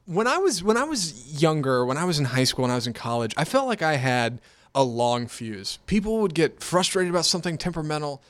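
A man from Houston co-hosting a radio show, talking in casual chat with a smooth radio voice. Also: on the high side, brisk. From Houston, Texas. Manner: smooth radio voice, animated storytelling. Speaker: radio co-host and announcer.

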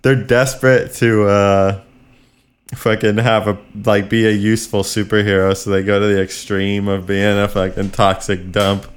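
A man's voice: lowish voice, level tone, moderate pace, smooth. A man co-hosting a podcast in loose, casual chat, laughing and swearing freely. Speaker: podcast co-host.

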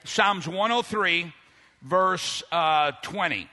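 A man preaching a sermon as pastor, animated, swinging between loud outbursts and quiet, slow asides. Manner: animated preaching, pitch and volume swinging widely, voicing people in his story. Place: church hall. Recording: long reverb of a large hall.

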